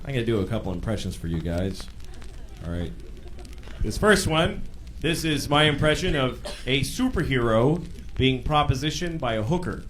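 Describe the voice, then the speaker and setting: A man doing a stand-up comedy routine on a club stage, animated and sometimes shouting. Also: medium pitch, moderate pace. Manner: animated, bursts into shouted impressions. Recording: live club with crowd laughter and noise. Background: audience laughing.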